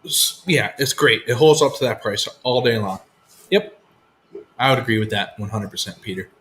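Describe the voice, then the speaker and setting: A man's voice: mid-range voice, normal speed, a bit bright. A man hosting a casual live whisky chat, laid-back and swearing freely as he tells stories. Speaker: whisky show host.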